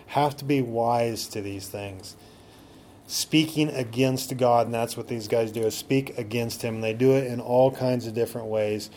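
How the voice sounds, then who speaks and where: A man's voice: medium pitch, fairly even intonation, measured pace, mellow, slight background noise. A man preaching a sermon as a pastor, often asking the congregation rhetorical questions.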